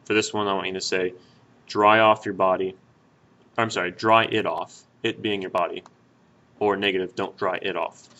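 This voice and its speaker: Patient male Spanish teacher, bright voice. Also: deep voice, fairly even intonation, normal speed, muffled recording. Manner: patient, step-by-step, with many fillers and restarts. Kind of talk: explaining grammar at a whiteboard.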